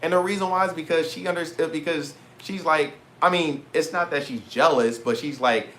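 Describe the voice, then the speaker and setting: In this vlog clip, a young man with a fairly high voice tells a story to the camera at a moderate pace, with few pauses. He's animated and slangy, swearing freely and acting out both sides of each conversation in quoted voices.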